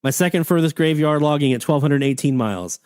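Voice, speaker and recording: A man hosts a live radio hobby stream, chatting enthusiastically and reading listener messages in a folksy way. His slightly high voice is brisk, a little mellow, clear, and resonant, captured in studio quality with no echo.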